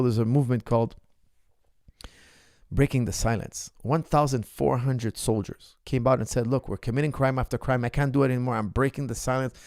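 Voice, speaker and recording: Gravelly guy host going off on a heated rant, keeps throwing questions at viewers, dry close sound. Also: medium pitch, dark tone, no room sound. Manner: impassioned, argumentative, rhetorical questions to viewers. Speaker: martial arts coach and show host. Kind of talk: ask-me-anything livestream monologue.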